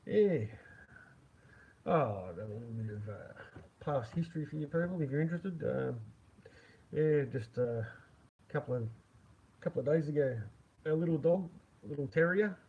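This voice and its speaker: A man's voice: a little high, lively intonation, normal speed, long pauses, husky. A man chatting casually on a live stream, rambling and chuckling with lots of fillers. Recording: dull lo-fi with faint noise.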